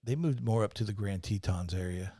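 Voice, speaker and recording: A man's voice: lowish voice, fairly quick, dark tone, slightly rough, no room sound. Dry-voiced man teasing his co-host. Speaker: podcast co-host. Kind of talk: casual chat.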